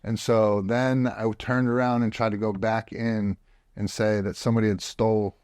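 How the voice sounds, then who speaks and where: A man's voice: lowish voice, flat delivery, moderate pace, a little mellow, no room sound, studio quality. A man telling his story as a podcast guest, blunt and profane, with frequent restarts, recorded in a home office. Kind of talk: casual storytelling.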